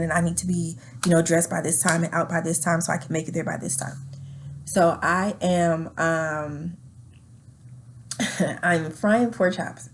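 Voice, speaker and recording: A young adult woman with a lowish voice tells her own story frankly and candidly. She keeps it animated by acting out what was said, with nervous laughs slipping in. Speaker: guest telling her story.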